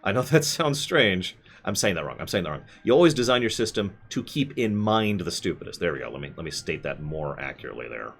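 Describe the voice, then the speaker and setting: A man's voice: sits low, sing-song, fairly quick, creaky, few pauses, a bit bright, soft background music. Rambling man chatting on a stream. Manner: rambling, self-correcting, opinionated. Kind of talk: live stream chat answering viewers.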